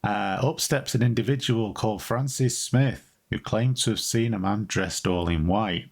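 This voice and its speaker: A low, gravelly man from the United Kingdom co-hosting a podcast. He rambles through his story in a chatty way and drops wry asides as he goes. His delivery stays casual throughout. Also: moderate pace. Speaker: podcast co-host.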